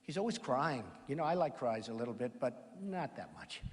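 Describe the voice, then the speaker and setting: A man's voice: medium pitch, animated, moderate pace. A man giving a campaign rally speech, rambling, boastful and repetitive, into a podium microphone. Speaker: political candidate. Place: large hall at a college event. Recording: echoey reverb of a large hall.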